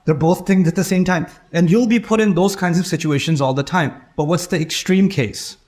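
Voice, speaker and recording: Speaking briskly in a high-sitting voice with a darkish tone, a middle-aged man delivers an Islamic lecture. He narrates stories and performs the voices of the people in them.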